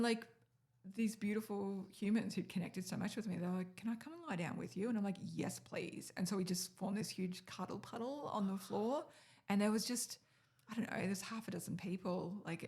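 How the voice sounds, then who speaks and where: A woman hosts her own podcast and tells stories in loose, casual chat. Her voice has a gravelly edge, and she swears freely. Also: mid-range voice, brisk. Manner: swearing, storytelling, animated when mimicking friends. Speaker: podcast host.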